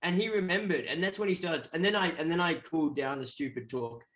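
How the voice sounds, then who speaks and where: A man's voice: on the high side, brisk, a bit bright. An Australian man, a guest musician, telling rambling stories in a casual interview and acting out the voices of people he quotes.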